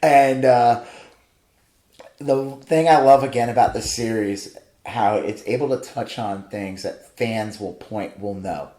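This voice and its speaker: A man's voice: on the low side, dark tone, echoey room. A man co-hosting a podcast in casual chat, rambling and swearing freely as he recounts scenes. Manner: rambling, profane, quotes scenes in quick asides. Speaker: podcast co-host.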